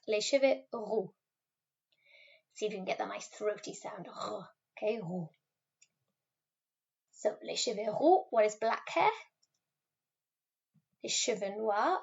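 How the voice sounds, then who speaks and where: A woman teacher giving a recorded French lesson, patiently modelling words slowly for pupils to repeat. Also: medium pitch, creaky, husky. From Wales. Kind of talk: recorded classroom video lesson. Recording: slightly dull, lo-fi recording.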